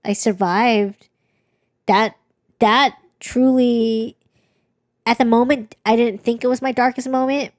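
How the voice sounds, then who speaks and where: Slow and pausing often, a young podcast co-host with a voice on the high side and a steady tone tells a personal story. It's casual chat, candid and rambling with many restarts, in clean studio sound with no echo.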